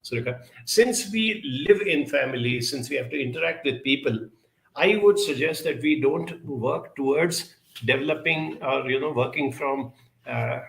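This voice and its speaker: A man gives a reflective advice talk, answering questions from his audience. His voice has a gravelly edge and a bright, forceful tone. He speaks deliberately and often pauses. The sound rings in an echoey room. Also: medium pitch. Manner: measured, deliberate, with frequent "uh" pauses.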